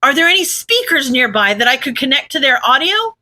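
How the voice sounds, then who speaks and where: A woman's voice: sits high, big pitch swings, a little fast, sharp tone, heavily acted. A woman doing a shy, stammering teenage boy. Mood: hesitant. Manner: hesitant, stammering with ums.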